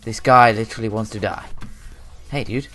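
A young man giving live commentary over his own gameplay, jumping between loud outbursts and muttered asides. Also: fairly low pitch, fairly even intonation, moderate pace, faint music behind. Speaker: gaming channel host.

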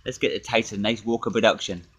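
A man's voice: lowish voice, steady tone, fast, fairly bright tone, husky. Sweary man ranting outdoors. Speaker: drinking vlogger. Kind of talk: casual ranting vlog.

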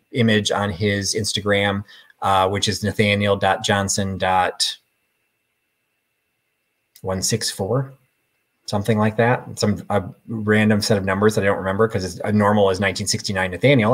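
A middle-aged man hosts a live sale in a chatty, rambling, self-deprecating way. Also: on the low side. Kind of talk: casual live-stream selling.

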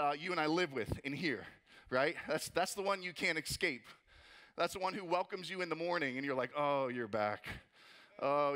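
A young man preaching a lively, jokey sermon as a pastor, repeating words and acting out voices as he goes. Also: fairly high pitch. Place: church auditorium.

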